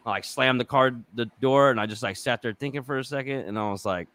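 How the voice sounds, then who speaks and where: A man co-hosts a casual podcast, telling stories with animated, profane energy and acting out the other people in them. His voice is bright and middle-pitched. The sound is dry and close. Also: fast, few pauses, dry recording. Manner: animated, profane storytelling with acted-out quotes. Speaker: podcast co-host. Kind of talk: casual chat.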